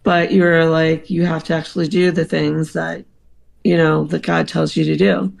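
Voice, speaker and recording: A podcast guest recounts a story in a loose, halting way, leaning on ums and likes as the thoughts form. The voice stays level and flat in pitch, with a gravelly fry running under it. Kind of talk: casual storytelling, recounting a dream.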